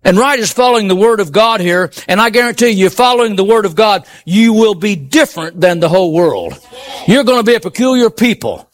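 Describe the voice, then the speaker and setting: A man preaching a sermon, emphatic and full of rhetorical questions, swinging between raised exclamations and low murmurs. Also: lively intonation, a little fast.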